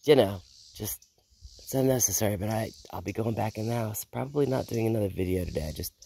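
A woman vlogging outdoors in her backyard garden. She rambles in a casual, unhurried way, sounds a little out of breath, and feels unwell. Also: rumbling low, gravelly, warm tone, breathy edge. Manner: rambling, unhurried, with repeated sign-offs. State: feeling unwell. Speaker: homestead vlogger. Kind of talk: casual chat.

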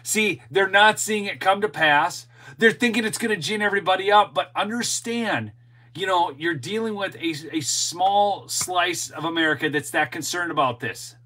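A middle-aged man with a fairly high, bright and forceful voice hosts an opinionated commentary monologue. He is emphatic and keeps talking straight to his viewers. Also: normal speed, rough recording. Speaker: show host and political commentator.

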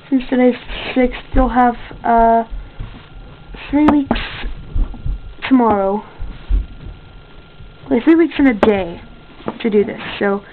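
Girl announcing a homemade contest, higher voice, rambly, lots of ums, tinny lo-fi cam audio. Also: slight background noise. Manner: rambling, with many fillers and self-corrections. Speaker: contest host. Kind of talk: casual home video.

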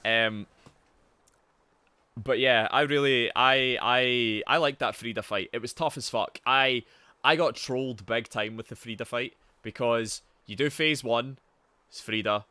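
A man streaming a game live, chatting casually and swearing, with sudden loud yells at the action. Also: mid-range voice, unhurried, clear, resonant tone, no echo. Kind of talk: live gameplay commentary and chat.

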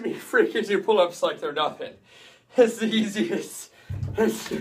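A man's voice: high voice, unhurried, breathy edge. A young man doing a casual vlog in a hyper, jokey, rambling way. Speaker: vlogger.

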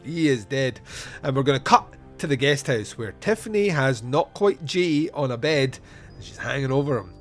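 A man's voice: mid-range voice, expressive, normal speed, faint music behind. A man hosting a podcast on his own, recapping a film scene by scene in a wry, joking way with asides and fillers. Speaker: podcast host reviewing a film.

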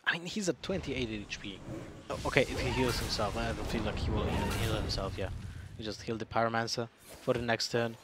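A man's voice: medium pitch, brisk, heavy background noise. A man with an Eastern European accent giving analytical, sometimes hesitant commentary on a card game match. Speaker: esports caster.

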